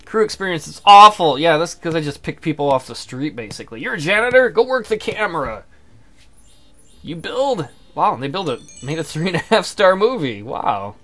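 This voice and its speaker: A man's voice: on the high side, big pitch swings, brisk, hardly any pauses, a bit bright, soft background music. A man giving casual, joking and crude commentary while playing a game. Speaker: let's play host.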